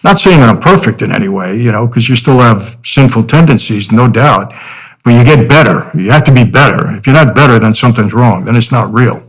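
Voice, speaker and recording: Middle-aged male guest, earnest conversational storyteller, average pitch. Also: animated, a little fast, breathy edge, rough recording. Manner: earnest, frequent "you know" fillers. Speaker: podcast guest.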